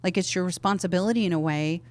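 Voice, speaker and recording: A middle-aged woman, a guest on a podcast, chatting casually and telling animated stories that act out quoted dialogue. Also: lowish voice, fast talker. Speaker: podcast guest, parasite educator. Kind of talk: casual interview chat.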